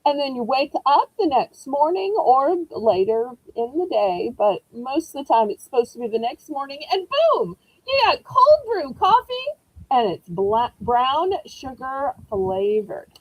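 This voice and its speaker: A high-voiced woman with a Southern accent runs a live online auction, her pitch rising and falling a lot as she talks. She takes her time in a friendly, folksy way and speaks close to the mic with little room sound. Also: sing-song, measured pace, no room sound, rough recording. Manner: chatty, folksy, greets viewers by name. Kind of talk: live-stream auction selling.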